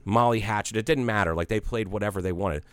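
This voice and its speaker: Forty-year-old man telling a lively story. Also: lowish voice, quick pace, clean tone, no room sound. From Ohio, United States. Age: 40s. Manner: animated storyteller, acts out both sides of a conversation; casual, swears freely. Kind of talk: casual chat, storytelling.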